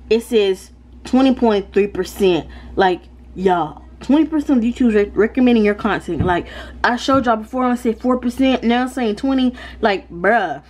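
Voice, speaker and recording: Chatty Southern American woman vlogger. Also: mid-range voice. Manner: animated, addresses viewers as y'all, lots of likes. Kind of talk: casual chatty vlog.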